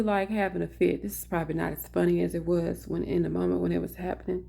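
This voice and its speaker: A woman vlogger telling a funny story in a casual, animated way, calling her viewers "honey" as she talks from an indoor office. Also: lowish voice, quick pace, gravelly, few pauses.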